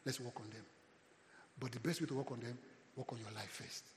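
A man with a Nigerian accent preaching a sermon as a pastor, with call-and-response and loud rising swells. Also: mid-range voice, fairly even intonation, fairly quick, roomy sound, big-room sound.

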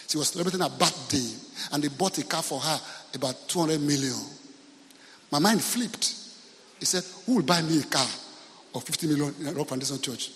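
Nigerian male pastor, story-driven humorous sermon, slightly high voice, echoing church hall. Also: vocal fry, a bit bright, slight background noise. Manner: storytelling, humorous, asks the congregation questions.

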